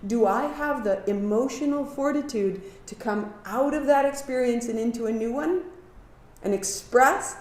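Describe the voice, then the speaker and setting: A woman teaching a live kundalini yoga class, giving calm movement cues and sharing earnest reflections. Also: on the high side, moderate pace. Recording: echoey room.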